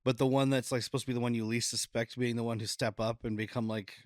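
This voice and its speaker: A man's voice: mid-range voice, little pitch movement, fast talker, dry recording, clean studio sound. A man co-hosting a podcast, chatting casually and laughing often as he recaps an episode. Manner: laughs often, loose and rambling. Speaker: podcast co-host. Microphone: podcast mic on camera.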